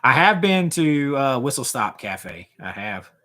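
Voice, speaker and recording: A man in his forties chatting casually on a livestream, with a bright, forceful tone. His pitch swings all over as he reacts to chat comments. He rambles and restarts his sentences often. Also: big pitch swings, a little slow. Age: 40s. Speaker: livestream host.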